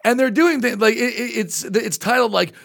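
Podcast host, male, very high voice with gravel in it; rambling, animated storyteller. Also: moderate pace. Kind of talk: casual chat.

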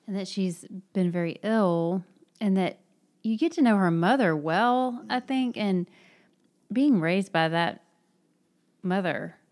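A woman's voice: medium pitch, takes it slowly, pauses often, a little mellow. A woman co-hosting a podcast, chatting casually about a novel's characters. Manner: chatty, acts out quoted characters. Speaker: podcast co-host. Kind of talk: casual book discussion.

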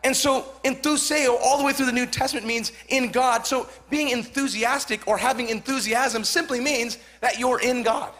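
A pastor in his forties with a Southern Californian accent, preaching a fervent sermon, repeating phrases and building to shouts. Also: very high voice, steady tone, moderate pace, few pauses. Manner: fervent, repetitive, rising to shouts.

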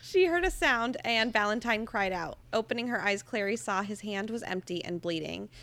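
A woman's voice: mid-range voice, animated, moderate pace, a bit bright. A woman hosting a casual chat, reading passages aloud and laughing often between her comments. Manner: giggly, reads excerpts between asides. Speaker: podcast host recapping a book.

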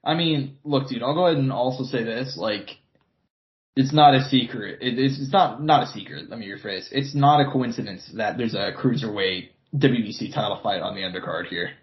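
A man's voice: mid-range voice, moderate pace, muffled recording. A man co-hosting a podcast in casual chat, swearing often and repeating words as he thinks. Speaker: podcast co-host. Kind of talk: casual chat about boxing.

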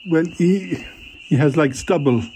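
A man's voice: fairly high pitch, unhurried, darkish tone, slight background noise, lightly acted. A man voicing a shy, easily flustered character in a comedy audio drama, protesting nervously. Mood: worried.

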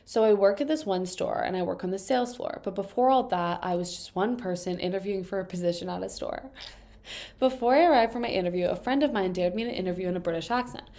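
A woman's voice: medium pitch, dark tone. Congested young woman, chatty and wry. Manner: quick, chatty, wry asides between read-out passages. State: congested from allergies. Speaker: video host reading and reacting to confession posts. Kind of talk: casual chat reading posts aloud.

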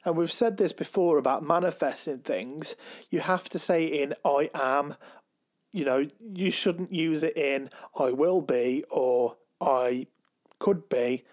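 Slow, hesitant man chatting. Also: fairly high pitch, darkish tone. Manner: slow, hesitant, many ums and restarts. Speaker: podcast co-host. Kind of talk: casual chat.

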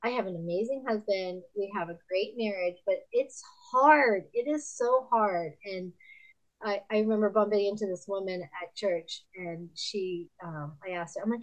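A woman in her fifties, a podcast guest and author, telling candid stories in a lively way, laughing often and acting out other people's lines in a higher voice. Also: normal speed, rough recording. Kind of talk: candid conversational storytelling.

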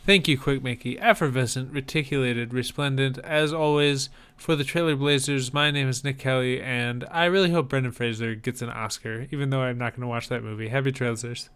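A man's voice: medium pitch, fairly quick, few pauses, a bit bright, clean tone. A man co-hosting a podcast in casual chat, teasing and laughing easily. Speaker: podcast co-host.

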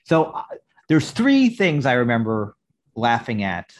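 A man's voice: medium pitch, huge pitch swings, unhurried. Rambling man podcast co-host. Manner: rambling, restarts often. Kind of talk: casual chat.

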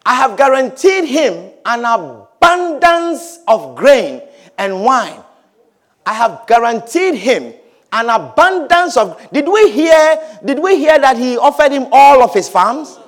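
High-voiced preaching man, lively swings. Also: takes it slowly. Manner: preaching with swings from quiet to shouted blessings. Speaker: pastor. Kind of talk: sermon.

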